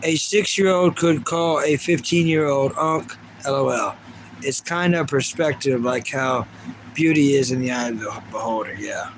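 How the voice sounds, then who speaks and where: A man's voice: mid-range voice, normal speed, a little hiss or hum. A man in his thirties livestreaming, chatting casually and reading out viewer comments in a rambling way. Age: 30s. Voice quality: rambling and chatty, with frequent restarts.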